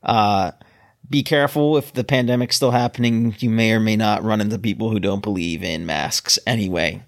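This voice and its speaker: A man from Maryland with a lowish voice co-hosts a casual podcast chat. He rambles, restarting his sentences as he goes. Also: moderate pace, gravelly. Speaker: podcast co-host.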